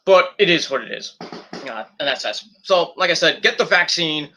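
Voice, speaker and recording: A man rants casually from home at night, blunt and full of swearing. His voice is bright and sharp, sits a little high, and swings widely in pitch. Fillers and restarts run all through his talk. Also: lively intonation, normal speed. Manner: blunt and profane, with frequent fillers. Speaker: podcast host. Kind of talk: casual ranting monologue.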